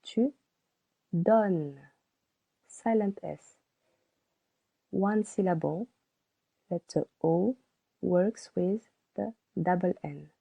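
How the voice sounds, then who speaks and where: Slow, husky woman teaching French verbs. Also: fairly low pitch, dark tone. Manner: slow, deliberate, spells out letters and models each word twice. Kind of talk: beginner language lesson. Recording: tinny phone-like sound.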